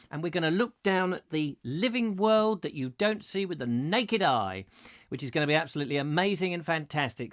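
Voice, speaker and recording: Middle-aged man, live chat-show host, animated swooping delivery, theatrical and rambling. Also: sits high. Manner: chatty, theatrical, rambling asides. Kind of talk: live chat show, reading viewer comments.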